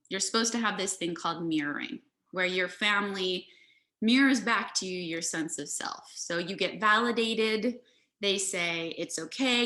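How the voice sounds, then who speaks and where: A middle-aged woman, an energy healer, giving a reflective talk in an earnest, gentle manner, acting out inner voices as quotes. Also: medium pitch.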